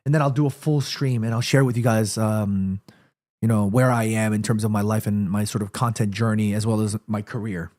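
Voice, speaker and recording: A man streaming a football watchalong, calling the play live and chatting to his viewers in an excitable, slangy way. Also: medium pitch. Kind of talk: live play-by-play commentary and chat.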